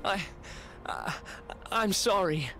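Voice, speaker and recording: A man's voice: high-pitched, very animated, slow pace, creaky, sharp tone, exaggerated voice. An actor playing a young man in a video game who has lost his memory, hesitant, stammering and apologetic. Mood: sheepish. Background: game music.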